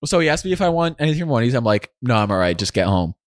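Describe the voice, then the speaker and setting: A young man co-hosting a podcast and telling a story in an easy, casual way, now and then slipping into other people's voices. His voice sits at an ordinary pitch and is recorded dry and close to the mic. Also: sing-song, rapid-fire, dry recording. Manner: storytelling, acts out family members' lines. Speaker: co-host.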